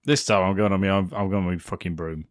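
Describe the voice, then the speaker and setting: A man's voice: deep voice, steady tone, fast, no echo, clean studio sound. A man co-hosting a podcast, throwing in sweary, sarcastic jokes in casual chat. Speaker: podcast co-host. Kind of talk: casual film review chat.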